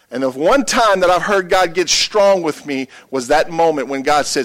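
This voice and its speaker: A man preaching a sermon, telling a personal story with emotion, dropping quiet then building loud. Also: on the high side, a little fast, few pauses.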